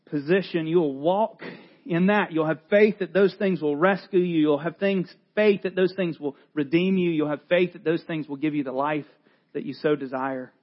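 A man in his forties preaches a sermon, his voice sitting fairly high. He speaks earnestly and conversationally and often restarts his phrases. The audio is slightly dull and lo-fi. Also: moderate pace. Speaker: pastor.

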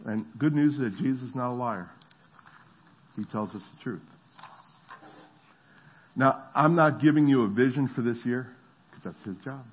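A middle-aged man preaches with a slightly husky voice, at an ordinary pitch for a man. He tells stories with animated energy and slips into voices for the people in them. The recording sounds a bit dull and lo-fi. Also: normal speed, pauses often. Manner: animated storytelling, acts out voices. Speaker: pastor. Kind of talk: sermon.

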